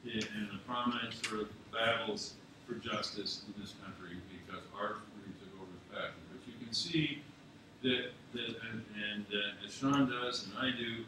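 A man's voice: lowish voice, moderate pace. A man from Scotland telling anecdotes at a memorial, chuckling often as he speaks. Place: university theatre. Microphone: distant mic. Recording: echoey theatre, far mic, audience noise.

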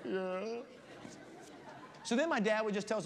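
A man preaching as a guest pastor in a church, reading scripture aloud and telling animated stories. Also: high voice, a little slow. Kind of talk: sermon. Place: church sanctuary. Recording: long hall reverb, faint room noise.

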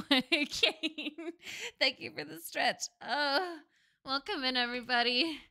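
A young woman streams a game, chatting casually with viewers, swearing freely and humming along to the clearly audible game music. Her high-pitched voice is slow, pushed and bright, recorded with clean studio sound and no room sound.

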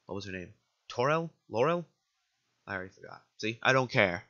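A man's voice: on the low side, expressive, brisk, sharp tone, muffled recording. Profane, jokey gamer man. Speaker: let's play gamer. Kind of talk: casual gameplay commentary.

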